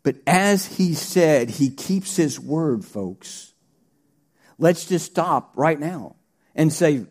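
A man preaching a sermon, animated, swinging between shouted praise and quiet asides. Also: on the high side, slow pace.

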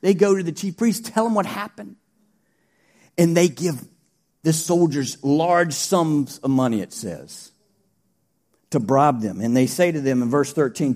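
A man preaching a sermon, animated, swinging between shouted praise and quiet asides. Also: fairly high pitch, measured pace.

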